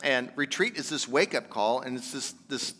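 Male pastor, casual then fervent sermon delivery, crisp bright tone, long church reverb. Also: medium pitch, normal speed. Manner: conversational, earnest preaching that builds to emphatic exhortation.

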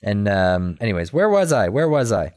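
A man in casual chat, retelling a cartoon episode in a rambling, animated way with quick quoted voices and laughter. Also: on the low side. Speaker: podcast co-host recapping a cartoon episode.

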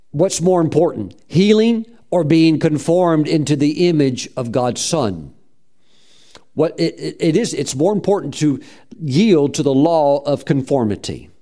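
A man's voice: fairly high pitch, mellow. A middle-aged man preaching a sermon as pastor, fervent, punctuating his points with "praise God" and acting out quoted voices.

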